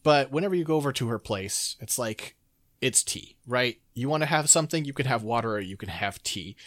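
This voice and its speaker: A podcast co-host with a mid-range voice talks a little fast, spinning rambling, animated stories full of fillers in a casual chat.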